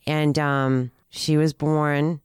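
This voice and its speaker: A woman shares her own story in conversation, earnest and halting, often restarting her sentences. Her voice is smooth and resonant. The sound is dry and close. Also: deep voice, flat delivery, a little mellow, dry recording. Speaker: guest telling her recovery story.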